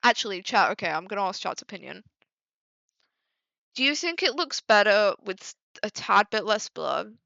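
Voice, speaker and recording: A woman's voice: medium pitch, very animated, moderate pace, creaky, pushed and bright, no room sound. A young woman streaming, chatting casually to her viewers, exasperated and swearing often. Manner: exasperated, swearing, talking to chat. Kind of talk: casual livestream chat. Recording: dull lo-fi dry mic.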